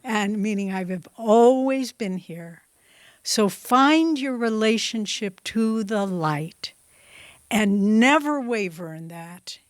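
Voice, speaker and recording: A woman teaches a spiritual class, speaking with a slow, unhurried cadence. Her devotional delivery stays soft and even. The recording is dry and close, with little room sound. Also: mid-range voice, dry recording. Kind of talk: class talk, storytelling.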